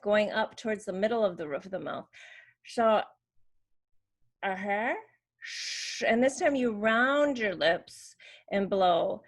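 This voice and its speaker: A woman teaching how to make speech sounds, explaining patiently and demonstrating each sound. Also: medium pitch. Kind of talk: slow instructional demonstration.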